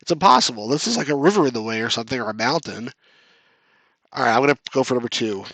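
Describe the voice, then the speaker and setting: A man streams a retro strategy game in a chatty, joking way and talks straight to his viewers. His voice sits at an ordinary middle pitch. The sound is dry and close, with almost no room in it. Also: expressive, quick pace, fairly bright tone, no room sound. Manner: chatty, reads chat aloud, jokes at his own losses. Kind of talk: casual live-stream commentary.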